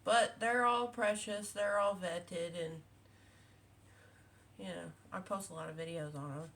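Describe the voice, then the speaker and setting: Chatty woman, bright voice. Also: fairly low pitch, fairly even intonation, measured pace, creaky. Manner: rambling, chatty, many fillers and restarts. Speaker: quilting vlogger. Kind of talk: casual chat. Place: home with cats.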